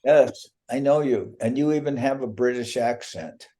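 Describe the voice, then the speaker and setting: A man's voice: medium pitch, warm tone. A man, a spiritual teacher, chatting and joking with devotees over a video call, teasing them and drawing out his punchlines. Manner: playful teasing, drawn-out punchlines. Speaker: spiritual teacher giving a talk.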